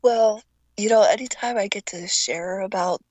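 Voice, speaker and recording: A woman's voice: medium pitch, normal speed, a little mellow, no echo. An older woman from Taiwan, a guest telling stories in a casual chat, stammering now and then and acting out voices. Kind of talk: casual storytelling.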